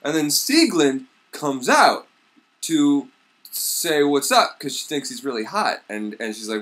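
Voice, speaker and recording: A young man retelling a myth as crude, rambling comedy, bursting into excited shouts. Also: mid-range voice, a little slow. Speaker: comedic storyteller.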